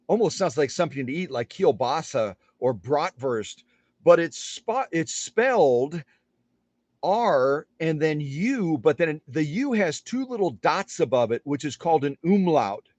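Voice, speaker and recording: A chatty middle-aged man talks to the camera in his workshop, his voice sitting a little high and swinging widely in pitch. The sound is dry and close, with no room echo. He pokes fun at himself and slows right down to spell words out letter by letter. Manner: chatty, self-deprecating, spells words out slowly. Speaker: sewing machine restorer. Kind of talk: casual demonstration to camera.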